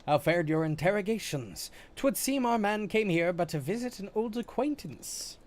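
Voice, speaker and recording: A man's voice: high-pitched, animated, normal speed, voice pushed up. A man putting on a posh, courtly young noble inventor. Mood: brisk. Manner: stilted archaic courtly phrasing.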